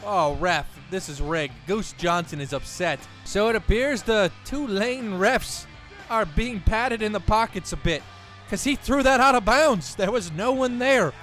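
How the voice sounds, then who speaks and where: High-voiced excitable young man calling a game. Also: faint music behind. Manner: excitable, jokey, quick outbursts. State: voice cracking. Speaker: gaming YouTuber. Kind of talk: casual play-by-play commentary over a football video game.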